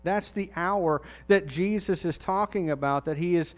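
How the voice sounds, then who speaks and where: A man's voice: sits high, normal speed, faint music behind. A man preaching a sermon as pastor, talking earnestly and putting direct questions to his congregation.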